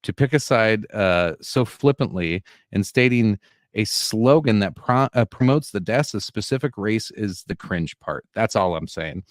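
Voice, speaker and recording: A man's voice: lowish voice, measured pace, no room sound, clean studio sound. A man co-hosting a casual podcast, ranting with lots of swearing. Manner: profane, animated ranting. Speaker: podcast co-host.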